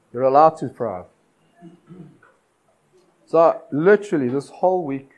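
A man preaching a sermon, urging his listeners with repeated phrases and dramatic pauses. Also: medium pitch, a little mellow, rough recording. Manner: exhortative, repetitive cadence with dramatic pauses.

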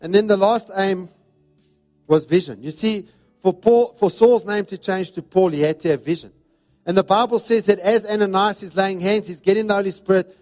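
A man's voice: high voice, moderate pace, a little mellow, faint music behind. Man preaching emphatically. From South Africa. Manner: emphatic, repetitive preaching cadence. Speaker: pastor. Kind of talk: sermon.

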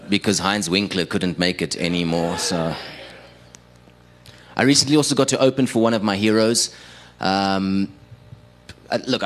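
A man's voice: low voice, a bit bright. A young South African man performing a self-deprecating stand-up set, chatting with the audience from a live stage. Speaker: stand-up comedian and radio producer.

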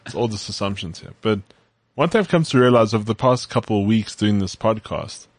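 A man's voice: fairly low pitch, animated, fairly quick. A man from South Africa co-hosting a podcast, easygoing in casual chat. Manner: easygoing, short agreeing replies. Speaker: podcast co-host.

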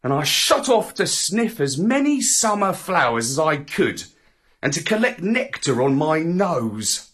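Brief: male storyteller, fairly high-voiced, very animated and slow-paced for kids. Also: husky. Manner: expressive, swooping storybook delivery. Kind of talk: children's story reading.

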